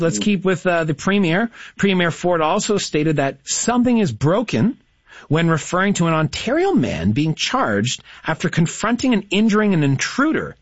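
A lively man hosting a radio trivia game, his voice lifting and dipping as he chats with callers. The tone is a touch husky and fairly high for a man. His voice is dry and slightly dull, recorded at a close studio mic. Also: no echo. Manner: lively, chatty and encouraging with callers. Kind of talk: upbeat radio call-in quiz hosting. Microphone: studio broadcast mic.

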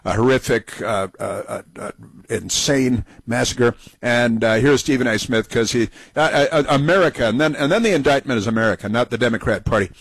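A man's voice: medium pitch, no room sound, rough recording. A middle-aged man hosting a talk radio show, delivering opinionated commentary with scornful, sarcastic asides.

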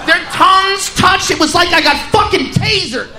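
A man doing stand-up comedy, blunt and profane, building up to shouting. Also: very high-pitched, moderate pace, music in the background. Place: live comedy venue with laughing audience. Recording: live stage recording with crowd noise.

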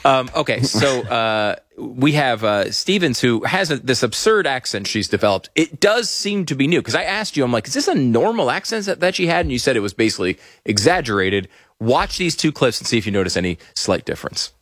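A man's voice: mid-range voice, brisk, few pauses, no room sound. A man hosting a casual political chat show, joking and laughing between points. His voice moves up and down a lot as he talks. The sound is close and dry, with no room around it. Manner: laughs often, lively sarcastic delivery. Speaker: podcast co-host.

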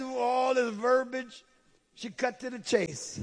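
A man preaching a sermon with fervor, dropping to a hush and then rising to shouts. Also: extremely high pitch, steady tone, slow pace. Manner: impassioned, swings from hushed to shouting.

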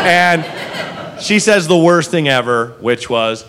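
A man's voice: medium pitch, normal speed, noisy background. A young man telling a profane stand-up story on a comedy club stage, acting out the people in it. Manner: animated, profane, acts out characters in voices. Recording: live crowd in the room. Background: audience laughter.

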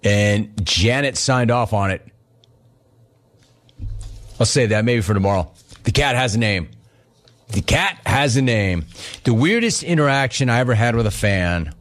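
A middle-aged man with a mid-range voice talks a little slowly and pauses often as he hosts a sports radio show. He fields listener questions casually and brings his stories to life by acting out the dialogue.

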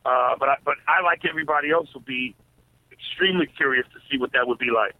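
A man's mid-pitched voice comes through a narrow, tinny phone line with no room sound at all. He is a comedian being interviewed, and he answers in a measured, reflective way. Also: no echo. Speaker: comedian guest.

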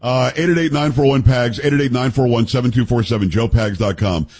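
Chatty radio host, husky. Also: male voice, medium pitch, fairly quick, a little mellow, low-quality recording. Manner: chatty, joking, emphatic asides. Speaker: radio talk show host. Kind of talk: casual call-in radio talk.

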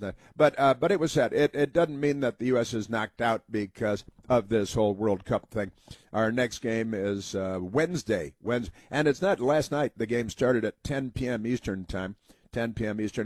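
In a filler-laden, wandering monologue, an American talk radio host occasionally ridicules people by doing mocking voices. His delivery moves at an average pace, his pitch is typical and a touch mellow, and the sound is close and dry with no surrounding room.

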